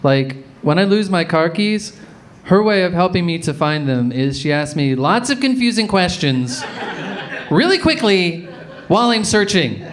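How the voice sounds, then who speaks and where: A man doing a stand-up comedy set in a deadpan storytelling manner that bursts into loud shouts now and then. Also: sits high, unhurried. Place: comedy club stage before a live audience. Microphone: handheld stage mic. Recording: live club recording with crowd laughter. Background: audience laughter.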